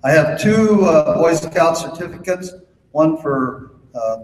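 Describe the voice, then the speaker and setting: A man from Minnesota addresses a convention from a podium microphone, and his voice rings through a large hall with a long reverb tail. He tells a folksy joke and then reads off thanks and figures in a plain, unhurried way, with frequent "uh" fillers. Faint background noise sits under the room. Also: fairly high pitch, lively intonation. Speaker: Boy Scout chairman. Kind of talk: convention speech with jokes.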